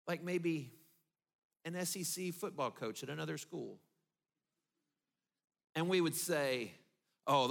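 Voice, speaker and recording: A man preaching a sermon, telling the story vividly and dropping low and soft for emphasis. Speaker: pastor.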